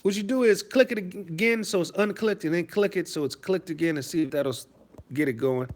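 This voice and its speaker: A man's voice: sits high, brisk. A man from Detroit hosting a live stream, reading out chat messages and answering them in a rambling, profane, mocking way. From Detroit, USA.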